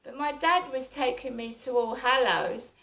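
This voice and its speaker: A woman's voice: high voice, moderate pace, gravelly, a bit bright. A middle-aged woman, talking through her day in a rambling, aggrieved personal monologue that circles back on itself. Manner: rambling and aggrieved, repeating herself. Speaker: vlogger.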